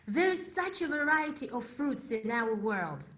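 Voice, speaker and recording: A young woman from Uzbekistan, a native Russian speaker, giving a prepared contest speech in English and telling her story with dramatic pauses. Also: fairly high pitch, sing-song, fairly bright tone.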